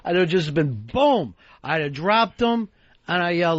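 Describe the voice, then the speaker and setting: Profane, lively-voiced radio host man. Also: sits high, a little slow, dry recording, lo-fi sound. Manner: profane, blunt and sarcastic. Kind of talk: casual talk radio banter. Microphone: studio microphone.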